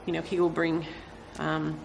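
A woman, a missionary, speaks to a church congregation in a halting way, with many fillers. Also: deep voice, flat delivery, vocal fry, slight background noise. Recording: long reverb of a large hall.

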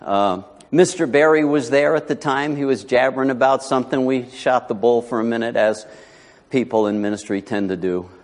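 A man's voice: mid-range voice, normal speed. A man preaching a sermon as pastor, telling a folksy story with asides before rising to emphatic preaching. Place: church sanctuary. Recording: long hall reverb.

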